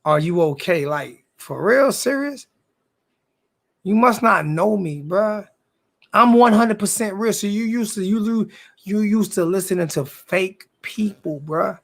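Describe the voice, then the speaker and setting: A man with a high-pitched voice and a gravelly crackle rants back at his live-stream chat. He talks like a sports YouTuber who is confrontational, says the same line again and again, and leans on profane slang. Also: a little slow, a bit bright.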